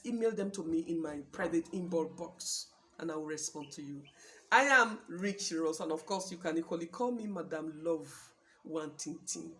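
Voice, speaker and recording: A woman's voice: lowish voice, slight background noise. A Nigerian woman hosting a show, giving emphatic, preachy marriage advice and repeating her points for stress. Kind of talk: talk show address.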